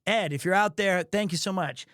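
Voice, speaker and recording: A man telling a travel story on a live stream, animated and self-mocking, with casual swearing, close to the mic. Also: high-pitched, normal speed, dry recording.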